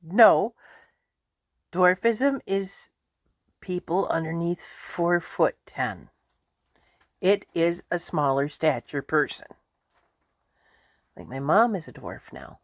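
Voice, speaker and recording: Woman vlogger, low voice, unhurried rambling chat at home, frequent chuckles, dry close sound. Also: lively intonation, no room sound. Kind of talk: casual chat to camera.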